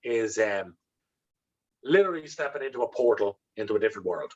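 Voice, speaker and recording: An Irish man, a guest in an interview, telling candid stories about himself in a blunt, animated way and swearing freely. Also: lowish voice, brisk, dull audio. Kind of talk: candid storytelling.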